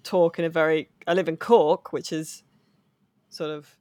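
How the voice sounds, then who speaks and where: A woman's voice: deep voice, fairly even intonation, darkish tone, no room sound, studio quality. A woman author, a podcast guest, talking casually with lots of fillers and restarts. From England. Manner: chatty, halting, many fillers. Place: lives in Cork, Ireland.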